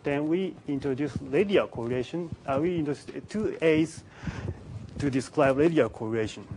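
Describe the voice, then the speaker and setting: Halting male physicist giving a lecture. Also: on the high side, a little mellow, slight background noise, poor audio. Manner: halting, many restarts and pauses. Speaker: physicist giving a symposium talk. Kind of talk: conference lecture. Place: symposium lecture room.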